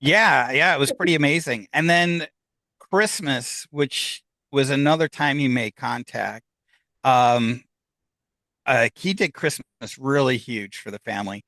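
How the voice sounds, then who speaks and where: A man's voice: medium pitch, sharp tone, no room sound. A middle-aged man recounts a personal story as a podcast guest. His voice sits in a plain middle range. He talks in a candid, rambling way with plenty of fillers, and the recording is close and dry.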